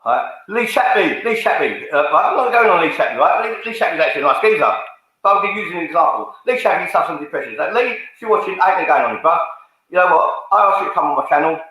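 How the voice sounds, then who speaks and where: A man's voice: on the high side, lively intonation, fast talker, bright, forceful tone. A man ranting angrily to camera for his fan channel, swearing and calling people out. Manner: confrontational, swearing, repetitive, calls people out. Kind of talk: angry rant to camera. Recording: very echoey room.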